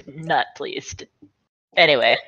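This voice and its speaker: A woman chatting casually on a video call, wry and quick to laugh. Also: low-pitched, a crowd in the background. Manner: wry, laughs often, talks about her anxiety. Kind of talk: casual chat between game sessions. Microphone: video call mic. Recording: dull lo-fi call audio.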